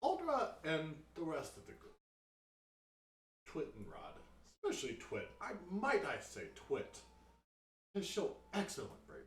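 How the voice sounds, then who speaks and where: A man's voice: fairly high pitch, huge pitch swings, a little slow, long pauses, echoey room, far from the mic, pitched above the performer's own voice. A man voicing a bold adventurer who speaks up for his group in an earnest, formal way.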